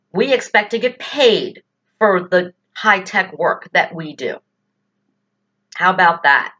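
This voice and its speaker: A woman's voice: medium pitch, fairly bright tone, highs cut off. A woman giving indignant political commentary in a blunt, exasperated way, full of rhetorical questions and swearing. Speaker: political vlogger.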